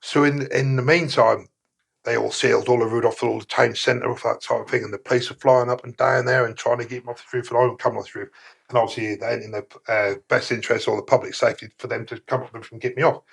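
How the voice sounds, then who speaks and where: A middle-aged man, a podcast guest telling rough stories casually, rambling and swearing with many fillers. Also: medium pitch, level tone, fast. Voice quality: gravelly, husky. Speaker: guest, former prisoner. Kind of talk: casual storytelling in a podcast interview.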